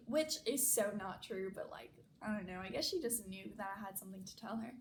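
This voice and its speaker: A woman's voice: medium pitch, a little fast. A young woman telling a personal story in a chatty, casual way, full of "like" fillers. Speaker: vlogger. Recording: echoey room, faint noise.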